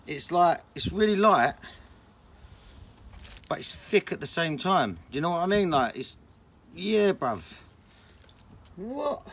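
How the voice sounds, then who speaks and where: A young man, chatting casually and excitably on a vlog, full of slang. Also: on the high side, a little slow, long pauses. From England. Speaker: vlogger.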